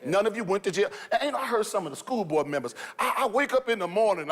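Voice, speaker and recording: A man's voice: high voice, expressive, fast, few pauses, big-room sound. A man, a reverend guest on a panel, arguing hard and often repeating his words with a preacher's fire. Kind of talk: heated panel debate.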